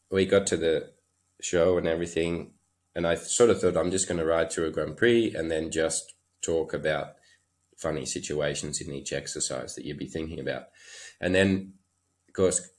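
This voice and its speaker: An Australian man, a horse trainer and podcast guest, telling stories in a loose, chuckling way with lots of fillers. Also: low-pitched. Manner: chuckling, loose anecdotal delivery with many fillers. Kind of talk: casual interview storytelling.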